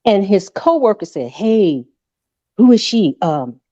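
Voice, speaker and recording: A woman panel guest telling a lively anecdote in casual chat. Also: mid-range voice, normal speed, dry recording. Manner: lively, laughing storyteller. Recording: dull dry lo-fi sound.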